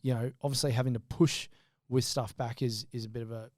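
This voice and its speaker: A man with an Australian accent, co-hosting a podcast in casual, joking chat and trailing off quietly at the ends of phrases. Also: mid-range voice, fairly even intonation, a little fast, no room sound, clean studio sound. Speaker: podcast co-host.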